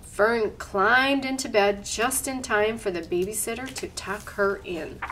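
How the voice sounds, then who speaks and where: Slow, gentle woman reading a storybook. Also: mid-range voice. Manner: gentle, explaining pictures to listeners. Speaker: library storyteller. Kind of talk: reading a picture book aloud.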